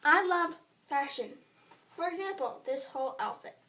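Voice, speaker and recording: 12 yr old girl from the us doing a chatty bedroom vlog intro, high voice, a bit far from the mic. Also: animated, normal speed, bright, forceful tone, slight background noise. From USA. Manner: chatty, bubbly and playful, sings bits. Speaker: vlogger. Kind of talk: casual self-introduction vlog.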